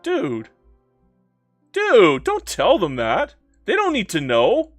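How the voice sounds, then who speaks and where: Give me an excitable man streaming a strategy game, bouncy and high, with faint music underneath. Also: slow, no echo, studio quality. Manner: excitable and playful, talks to in-game nations. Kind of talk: live strategy-game commentary, reading chat.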